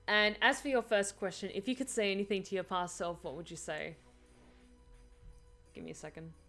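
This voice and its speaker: A woman's voice: medium pitch, fairly even intonation, moderate pace, bright, forceful tone, soft background music. A woman chatting casually on a live stream, answering viewer questions with lots of fillers and laughter.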